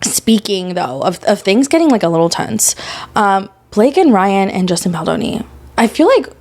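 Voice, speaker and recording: A woman's voice: mid-range voice, big pitch swings, moderate pace, darkish tone. A woman co-hosting a podcast, chatting and gossiping casually with lots of "like" fillers. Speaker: podcast co-host. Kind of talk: casual chat.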